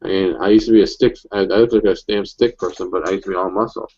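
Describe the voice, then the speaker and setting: Fast-talking rambling young man, lo-fi call. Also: deep voice, fairly even intonation, dark tone. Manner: rambling, profane storytelling with many restarts. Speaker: chat participant telling stories. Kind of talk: casual group chat.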